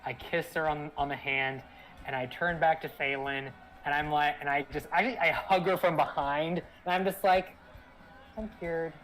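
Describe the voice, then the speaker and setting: A man's voice: fairly high pitch, steady tone, normal speed, a bit bright. A man playing in a tabletop game, describing his character's actions animatedly in the first person. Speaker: player. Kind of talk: tabletop role-play.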